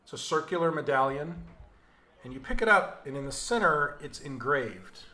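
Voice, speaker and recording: A man serving as game master, narrating a tabletop game in a relaxed, descriptive way. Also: a little high, normal speed.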